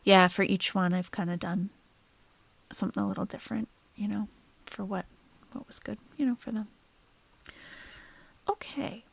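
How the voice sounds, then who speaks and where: A woman's voice: mid-range voice, steady tone, moderate pace, vocal fry, pauses often, husky. A woman hosting a casual reaction livestream, chatty and blunt, reading viewer comments. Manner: chatty, swings from soft sympathy to blunt profane ranting.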